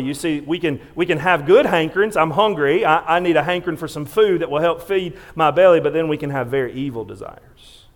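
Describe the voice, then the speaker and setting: High-voiced, emphatic male preacher. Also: fairly quick, hardly any pauses. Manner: emphatic preaching with frequent stammered restarts; swings between loud emphasis and quiet, hushed lines. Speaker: pastor. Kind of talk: sermon. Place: church sanctuary.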